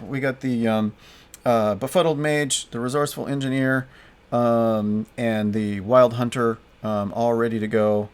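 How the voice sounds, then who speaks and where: A man casually playing a solo card game and reading its story aloud, with lots of fillers and restarts. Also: medium pitch. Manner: halting, many fillers and restarts. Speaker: solo game player and narrator. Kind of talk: casual play-through narration.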